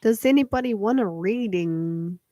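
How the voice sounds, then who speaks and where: A woman's voice: mid-range voice, normal speed, warm tone, no echo. A young woman with a New Zealand accent who chats and rambles on a live stream while waiting to do card readings. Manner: rambling, chatty, many fillers. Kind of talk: casual live-stream chat.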